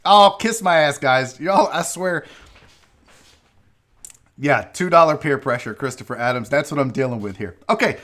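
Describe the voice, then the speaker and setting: A man's voice: on the high side, moderate pace, long pauses, a bit bright. A man hosting a casual live-stream show, ranting with profanity while a bit tipsy from drinking. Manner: profane, rambling rants. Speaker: show host.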